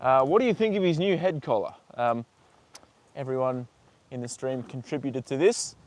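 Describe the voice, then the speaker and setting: A man's voice: mid-range voice, normal speed. An Australian man hosting a casual livestream from a horse paddock, chatting to viewers, reading out their comments and talking fondly to his horses, with casual swearing. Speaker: livestream host.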